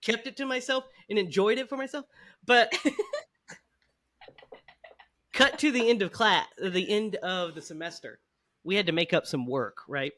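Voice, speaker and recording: A man's voice: high voice, moderate pace, pauses often, sharp tone. A man hosting a podcast, telling a story in casual chat with frequent laughs. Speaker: podcast host.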